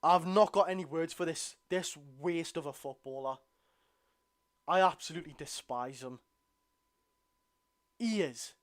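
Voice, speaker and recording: A man's voice: a little high, measured pace, pauses often, dry recording, clean studio sound. A young Geordie man from North East England giving blunt, exasperated live commentary as a football fan streamer.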